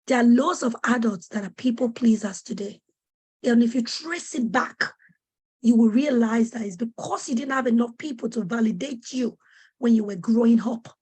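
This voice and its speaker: A woman's voice: on the high side, normal speed, darkish tone, breathy edge. A woman presenting a parenting webinar, speaking with urgent, preacherly emphasis and repeating questions to press her point. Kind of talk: earnest teaching talk to parents.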